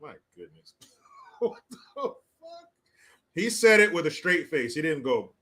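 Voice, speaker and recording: A man's voice: a little high, very animated, measured pace, long pauses, pushed and bright, slight background noise. A man hosting a live stream, ranting with sarcastic, profane, mocking commentary. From California.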